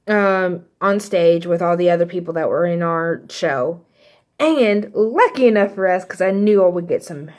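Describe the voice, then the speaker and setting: A woman vlogger telling a casual storytime, rambling and correcting herself as she goes and acting out what others said. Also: lowish voice. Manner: rambling, self-correcting, acts out quotes.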